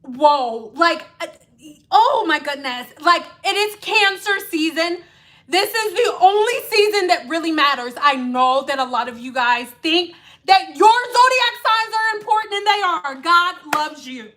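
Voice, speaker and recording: A woman in her thirties chatting on a livestream and reading comments, animated and sing-song, sometimes dropping to soft murmurs. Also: very high voice, moderate pace. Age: 30s. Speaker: livestream host.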